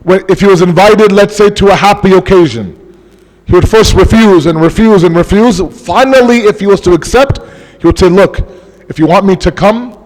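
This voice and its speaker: A man giving an impassioned mourning sermon as a majlis speaker, slowing his words for emphasis. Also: high-pitched, darkish tone. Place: large mosque hall. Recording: long mosque hall reverb.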